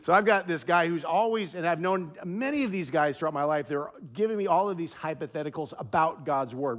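A man's voice: on the high side, brisk, hardly any pauses. A male pastor giving a sermon in a conversational way, telling personal stories and repeating key phrases for emphasis. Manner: drops to a soft hush when telling a quiet story.

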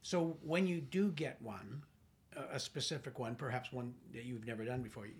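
A man hosts an interview and keeps the guest talking with brief, encouraging replies and follow-up questions. His pitch sits in the middle range. A faint hiss of noise runs under his voice. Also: normal speed.

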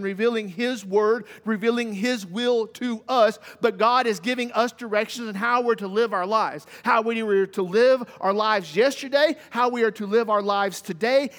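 High-voiced man preaching in a reverberant hall. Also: fairly bright tone. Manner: emphatic, uses repetition and rhetorical questions. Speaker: pastor. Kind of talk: sermon. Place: church sanctuary.

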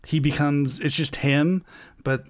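Man, casual movie chat, rambling and halting delivery, swears a lot. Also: a little high, steady tone.

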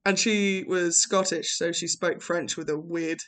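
A young woman from England co-hosting a podcast, telling animated stories and laughing often in casual chat. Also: lowish voice, a little slow. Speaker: podcast co-host.

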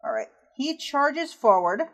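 A woman's voice: high-pitched, animated, measured pace, a bit bright. A woman narrating as game master of a tabletop horror game, casual and descriptive, with frequent fillers.

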